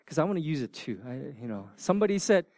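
A man in his forties preaching a sermon, informal and joking, dropping from loud bursts to hushed near-whispers. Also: on the high side, big pitch swings, fast, no echo, studio quality. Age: 40s. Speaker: pastor.

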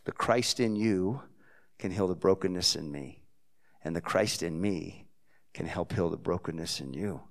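Deep-voiced man preaching a heartfelt story. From Texas. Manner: heartfelt storytelling with swings from quiet to loud. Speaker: pastor. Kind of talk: sermon storytelling.

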